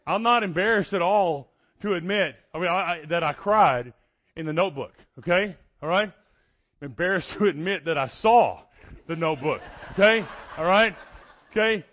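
A middle-aged man, preaching an energetic, folksy sermon in a church and joking with the congregation. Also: high voice, moderate pace, lo-fi sound. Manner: folksy, animated, joking with the crowd.

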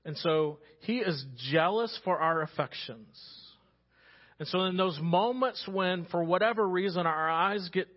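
Pastor preaching, a man with a slightly high voice. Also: a little slow, dull audio. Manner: storytelling, conversational with sudden quiet drops. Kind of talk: sermon. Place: church sanctuary.

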